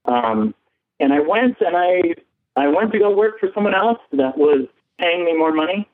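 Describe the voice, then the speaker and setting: Halting male caller on a phone line. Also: sits high, lively intonation, gravelly. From San Diego. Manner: hesitant, many ums, nervous laughs. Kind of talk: casual call-in chat.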